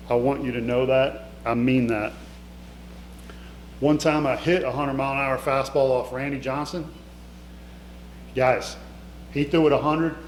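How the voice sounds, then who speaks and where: A middle-aged man giving an emotional, conversational motivational talk in an event hall, speaking straight to his audience. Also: mid-range voice. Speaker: keynote speaker. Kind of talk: motivational storytelling speech. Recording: echoey hall with faint hum.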